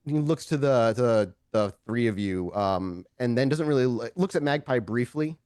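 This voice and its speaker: A man narrating as game master in a tabletop game, halting with frequent restarts. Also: medium pitch, animated, a little mellow, smooth, no echo, studio quality. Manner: halting, many restarts and fillers.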